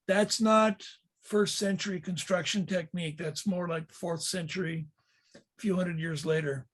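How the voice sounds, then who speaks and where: A man with a fairly high voice walks listeners through photos in a Bible history class, pausing on fillers and restarting phrases as he explains. He talks like a tour leader preparing a group for a trip, steady and explanatory. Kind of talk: slide-based Bible history lesson.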